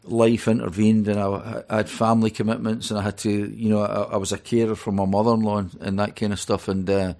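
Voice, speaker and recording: Scottish guy rambling thru his stories, lowish voice, lots of you knows. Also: flat delivery, brisk, hardly any pauses, a little mellow. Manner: chatty storyteller, rambling with many fillers. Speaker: author and DJ guest. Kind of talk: radio interview.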